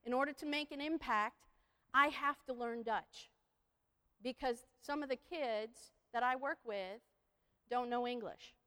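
A woman's voice: on the high side, unhurried, pushed and bright, clean tone. A woman giving a playful talk to an audience, leading them in repeating phrases. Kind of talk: lively presentation with audience participation. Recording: long hall reverb.

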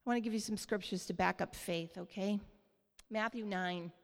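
A woman preaching a sermon in church, earnest and light, often laughing softly and checking in with the congregation. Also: medium pitch, steady tone, normal speed. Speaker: church speaker. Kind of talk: sermon on giving. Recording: long hall reverb.

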